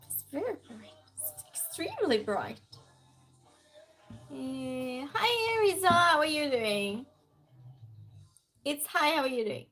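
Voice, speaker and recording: A woman's voice: high voice, very animated, slow, long pauses, fairly bright tone, faint music behind. A woman hosting a casual live-stream game night, chatting, laughing often and greeting viewers by name from her desk at home.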